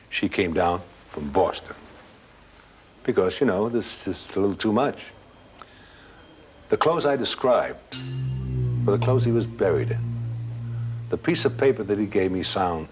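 An older man casually telling a personal anecdote as a guest, halting at times and acting out dialogue. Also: low-pitched, a little hiss or hum, poor audio. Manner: plain-spoken, halting, with restarts and quoted dialogue. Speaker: guest storyteller.

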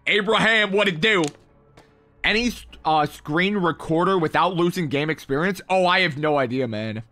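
A man's voice: high voice, normal speed, sharp tone, soft background music. A young man livestreaming a mobile game, reading his chat aloud with hyped, playful, slangy banter. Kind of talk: live gaming stream, reading chat.

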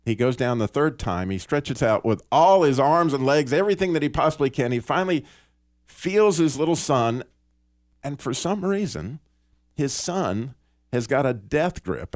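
A man hosting a Christian radio talk show, telling a story in an earnest, animated way with small restarts. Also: mid-range voice, normal speed, no echo, clean studio sound. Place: radio studio.

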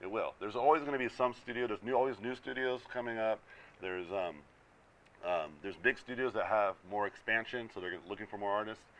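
A man's voice: on the low side, brisk. A young man, a visiting concept artist, casually talking to students while sketching, telling a story and acting out the people in it. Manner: storytelling, animated, acts out quoted people. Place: classroom.

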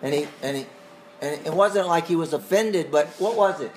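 A man's voice: a little high, normal speed, a little hiss or hum. Conversational man teaching a Bible class. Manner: conversational, asks the class questions, chuckles often.

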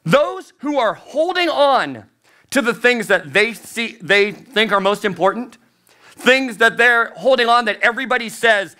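A man's voice: extremely high pitch, expressive, a little slow, bright, forceful tone. A man preaching a sermon as a youth pastor, emphatic and repeating key phrases, his voice climbing on the points he stresses.

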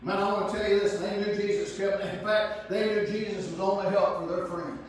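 High-voiced preacher shouting in an echoey church. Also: male voice, little pitch movement, a little fast, a little hiss or hum. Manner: fervent, repetitive, builds to shouts. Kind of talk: revival sermon. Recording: very echoey, far from the mic.

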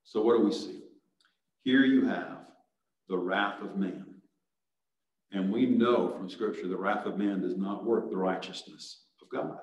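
A man's voice: deep voice, measured pace, pauses often, darkish tone, muffled recording. Male pastor, earnest sermon, roomy church echo, set back from the mic. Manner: earnest, rising to urgent exhortation. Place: church sanctuary. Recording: echoey church sanctuary, mic at a distance.

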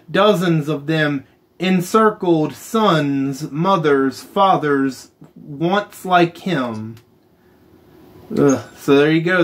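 This man runs a gaming channel, chatting casually as he plays and slowly reading the story text aloud between muttered asides. His voice sits a little high.

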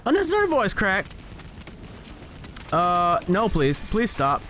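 A young man giving casual, rambling gameplay commentary, joking at himself and jumping into high excited yelps as he plays. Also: slow pace, long pauses, a little hiss or hum. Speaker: gaming channel host.

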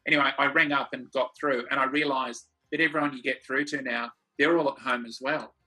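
A man's voice: medium pitch, steady tone, fairly quick, sharp tone. An Australian man chatting casually on a video call as a comedy co-host, laughing easily as he tells stories. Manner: laughing, easygoing storyteller.

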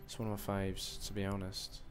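A man's voice: deep voice, monotone, a little fast, soft background music. A young man with a put-on American accent, rambling through live game commentary with self-mocking asides. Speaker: gaming commentator.

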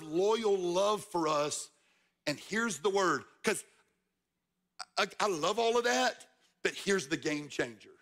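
A man preaching a sermon in a church, talking straight to the crowd and building to loud, emphatic peaks. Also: sits high. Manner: preaching with rising emphasis, addressing the crowd directly. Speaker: guest speaker, football coach. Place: church stage.

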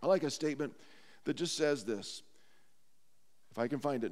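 A man's voice: medium pitch, lively intonation, moderate pace, pauses often, a little mellow. A man preaching a sermon as pastor, earnest and heartfelt, in a church sanctuary. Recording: long church hall reverb.

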